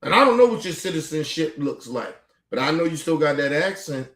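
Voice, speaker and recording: A man's voice: on the high side, very animated, brisk, fairly bright tone. A man giving casual, profanity-laced reaction commentary as a streamer, sounding exasperated. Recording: echoey room.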